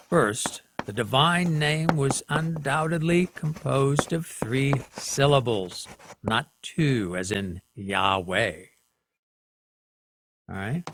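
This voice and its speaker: Slow, deliberate male lecturer. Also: mid-range voice, a bit bright, slight background noise. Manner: slow, deliberate, checks in with "okay?". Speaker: teacher. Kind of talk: classroom lecture at a whiteboard.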